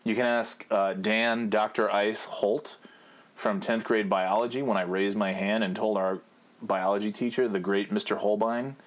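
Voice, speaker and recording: A man's voice: fairly low pitch, steady tone, normal speed. A man in his thirties hosting his own podcast, telling rambling, profane, jokey stories in a casual monologue. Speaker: podcast host.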